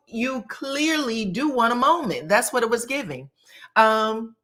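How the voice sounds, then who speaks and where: A young woman giving a casual, slangy recap of a reality TV episode, acting out the lines she retells. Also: medium pitch. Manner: animated, slangy, acts out the quotes she retells. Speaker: YouTube reality TV reviewer.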